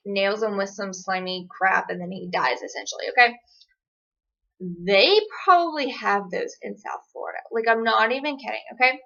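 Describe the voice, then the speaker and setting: A woman's voice: medium pitch, vocal fry, pushed and bright. A young woman, chatting sarcastically as she tells stories to the camera. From Georgia, USA. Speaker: vlogger. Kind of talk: casual chat. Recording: dull lo-fi recording.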